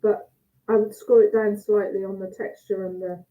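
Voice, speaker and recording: A woman's voice: medium pitch, flat delivery, normal speed, mellow. Woman judging cheese on a tinny call. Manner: chatty, thinks aloud while tasting and cutting. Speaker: cheese judge. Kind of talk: casual judging chat over a video call. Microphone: video call. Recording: tinny phone-like call audio.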